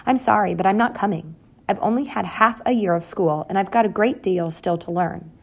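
A woman voicing a curious, determined young female school mouse who talks quietly and firmly. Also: medium pitch, brisk, vocal fry. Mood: earnest.

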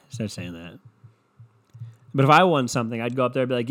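A man on a sarcastic, profanity-laced comedy rant whose pitch swings widely from low grumbles to high jabs. He sits at an ordinary middle pitch and sounds loose and mocking. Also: lively intonation, quick pace, long pauses, fairly bright tone. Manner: sarcastic, swears freely, mocks people in put-on voices.

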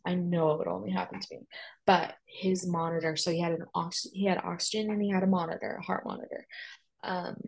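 A woman's voice: on the low side, gravelly, low-quality recording. A young woman telling a personal story in a chatty way, full of "like" and emphatic asides. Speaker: guest sharing a personal story.

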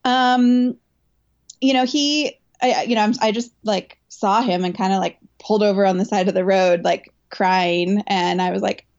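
A woman's voice: mid-range voice, normal speed, darkish tone. A woman athlete tells her story in an interview, chatty and candid, with lots of fillers and restarts. Her voice sits in a middle range. The sound is dull and lo-fi, like remote audio. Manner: chatty, filler-heavy, emotional retelling. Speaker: elite marathon runner and coach.

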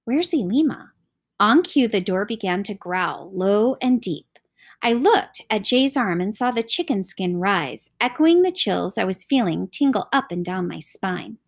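A woman reading a novel aloud as scripted audiobook narration, expressive and animated. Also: medium pitch, unhurried, creaky. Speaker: audiobook reader.

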